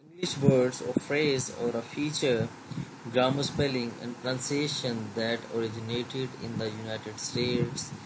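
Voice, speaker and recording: Guy reading lecture slides, lots of uhs, mid pitch, ac humming behind. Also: fairly even intonation, very noisy. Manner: reads from slides, halting, with many fillers; switches to Hindi to explain.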